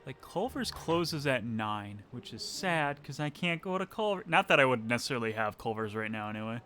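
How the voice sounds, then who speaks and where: Bright, lively man hosting a game stream. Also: mid-range voice, moderate pace, faint music behind. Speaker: stream host. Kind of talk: casual stream chat.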